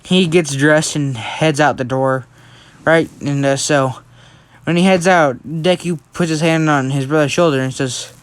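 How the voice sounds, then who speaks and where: A man's voice: fairly high pitch, steady tone, measured pace, clean tone, no room sound. Brief: young male storyteller, self-correcting, chatty; dry close-mic sound. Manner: rambling, self-correcting, keeps adding "right?". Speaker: fan storyteller. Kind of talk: casual storytelling.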